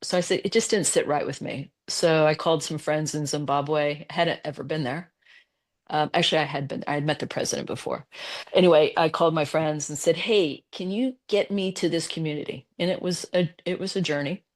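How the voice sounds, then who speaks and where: A woman's voice: deep voice, fairly quick. A woman tells a story as a podcast interview guest. She talks casually and animatedly, acting out what others said to her. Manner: animated, retells conversations in quoted voices. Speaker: guest, business executive.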